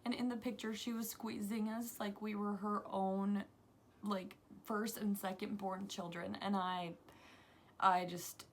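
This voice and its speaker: A young woman vlogger excitedly telling a story to camera, gushing and breathless, full of restarts. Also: medium pitch, a little hiss or hum.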